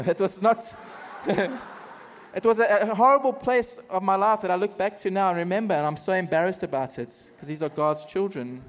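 South African preacher, high voice for a man, lively self-mocking storyteller, long hall reverb. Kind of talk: personal testimony sermon. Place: church service.

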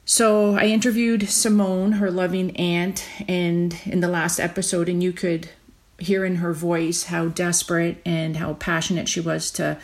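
A woman hosting a podcast, talking haltingly with many fillers and restarts, close to tears as she gives an emotional update. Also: fairly low pitch, level tone. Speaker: podcast host.

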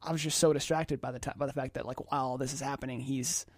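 A man's voice: medium pitch, fairly even intonation, fast talker, dry recording, clean studio sound. A young man chatting casually as a podcast co-host, rambling through a TV episode with lots of fillers and restarts. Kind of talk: casual chat reviewing a TV episode.

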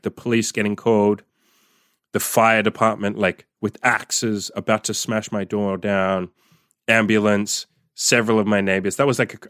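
A man's voice: on the low side, a bit bright, dry recording, clean studio sound. A young man telling a story from his diary in a casual podcast monologue, swearing often and reacting aloud as he reads. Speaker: podcast host reading his old diary.

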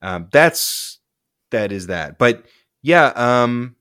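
A man's voice: mid-range voice, sing-song, drawn-out words, fairly bright tone, smooth, no echo, studio quality. A young man co-hosting a casual movie-review podcast, laid-back and rambling, full of "dude" and "like". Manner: laid-back, tangent-prone, says "dude" and "like" often. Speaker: podcast co-host.

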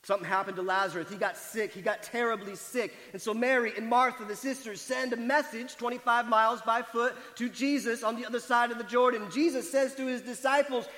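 A male pastor preaching a sermon, retelling a story dramatically and moving between loud emphatic lines and hushed, quiet ones. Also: extremely high pitch, fairly even intonation, a little fast, few pauses, big-room sound, low-quality recording.

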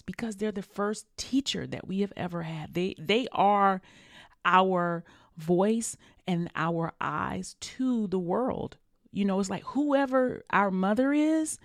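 In a heartfelt solo episode of her own podcast, a woman speaks earnestly and emotionally, encouraging listeners in casual, slang-heavy language. Her mid-range voice has a darkish tone, captured in a dry, studio-quality recording.

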